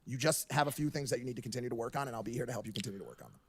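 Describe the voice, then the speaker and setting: A man's voice: medium pitch, racing, husky. A man speaking earnestly to a friend on stream, rambling and stumbling, with the odd swear word. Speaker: guest friend. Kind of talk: heartfelt on-stream speech.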